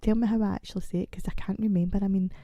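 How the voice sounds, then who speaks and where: A woman in her forties hosting a casual solo podcast. She rambles and pokes fun at herself, and she sounds croaky from a chest infection. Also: mid-range voice, fairly even intonation, racing, mellow, no room sound. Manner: rambling, chatty and self-mocking. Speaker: podcast host.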